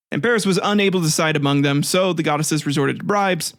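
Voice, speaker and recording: A man's voice: fairly high pitch, fairly quick, vocal fry, no room sound, clean studio sound. A man hosting a casual history podcast, retelling myths with crude jokey asides and frequent laughs. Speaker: podcast host.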